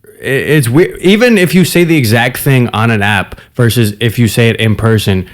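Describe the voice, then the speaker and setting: A man, a comedian guest, telling stories in casual podcast chat, animated and laughing often. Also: mid-range voice, normal speed.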